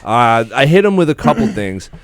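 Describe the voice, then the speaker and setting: A man's voice: medium pitch, very animated, moderate pace, clear, resonant tone, dry recording. A man, a comedian and co-host, telling a rambling, profane story in casual podcast chat.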